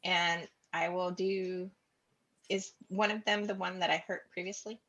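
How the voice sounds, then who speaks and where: A woman's voice: on the low side, fairly even intonation, a little slow, a bit bright, highs cut off. A woman playing in a tabletop game, chatting casually, thinking aloud and counting squares under her breath. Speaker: player.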